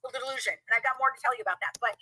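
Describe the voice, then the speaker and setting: A woman in a casual streamed interview, telling a story in an animated way and acting out the voices of the people she quotes. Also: a little high, racing, breathy edge, poor audio. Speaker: guest. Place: live stream video call.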